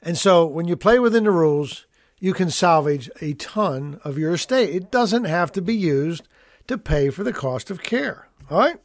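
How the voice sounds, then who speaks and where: Speaking at a normal speed in a high-pitched, animated voice, a middle-aged man who works as an estate planning attorney hosts an educational talk show in radio style. He lays out the rules in a folksy, emphatic way, going back over his main points. The recording is dry.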